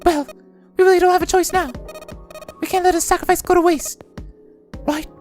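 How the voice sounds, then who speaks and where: A woman's voice: steady tone, moderate pace, darkish tone, soft background music. A woman doing a bossy impatient lady. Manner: curt, high falsetto.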